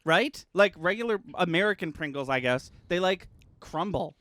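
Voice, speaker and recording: A young man hosting a podcast in casual chat, quick and joking as he steers the talk. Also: sits high, lively intonation, fairly bright tone, dry recording. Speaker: podcast host.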